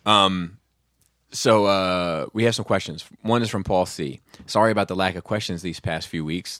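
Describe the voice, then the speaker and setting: Very deep-voiced laid-back man. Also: fairly bright tone, dry recording, clean studio sound. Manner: laid-back, swears freely, laughs often. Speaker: podcast co-host. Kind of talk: casual chat.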